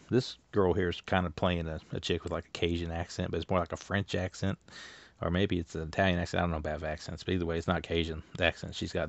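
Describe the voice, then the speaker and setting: A man's voice: low voice, gravelly, dry recording. A man casually reviewing a movie on video, rambling loosely and leaning on filler words. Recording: dull lo-fi sound, dry.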